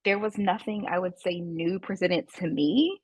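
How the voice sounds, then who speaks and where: Low-voiced woman co-hosting a podcast. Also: normal speed, slightly rough, dry recording. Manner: casual, questioning, frequent "like" fillers. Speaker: podcast co-host. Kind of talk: casual podcast discussion.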